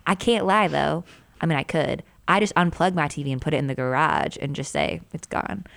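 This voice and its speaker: A woman's voice: low-pitched, a little fast, gravelly. A woman in her thirties, a mother and podcast co-host, chatting casually and telling stories with lots of "like" and acted-out quotes. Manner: animated storyteller, acts out quotes, frequent "like". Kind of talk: casual chat.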